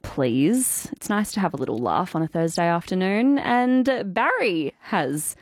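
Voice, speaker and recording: A woman's voice: on the low side, measured pace, no room sound. A woman hosting an afternoon radio show, chatting and laughing with callers in a bubbly manner. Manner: bubbly, giggly, animated. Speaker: radio presenter. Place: radio studio.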